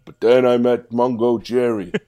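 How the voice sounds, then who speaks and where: A man doing a loud, earnest, drawling impression of a gruff action hero giving a speech. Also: medium pitch, fairly even intonation, moderate pace, voice pushed up, natural voice.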